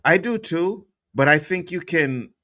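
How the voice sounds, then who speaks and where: A man's voice: unhurried, no echo, clean studio sound. A man co-hosting a casual pop-culture podcast, talking animatedly and acting out quotes. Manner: animated, acts out quotes in a high voice. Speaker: podcast co-host.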